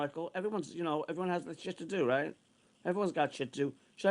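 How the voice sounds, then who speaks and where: A sixty-year-old man in a heated, profane rant, circling back over the same points again and again. His voice sits a little high for a man, and his delivery is worked up and insistent. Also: normal speed, fairly bright tone. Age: 60s. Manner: heated, repetitive, profane ranting. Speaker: online streamer. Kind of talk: angry ranting monologue.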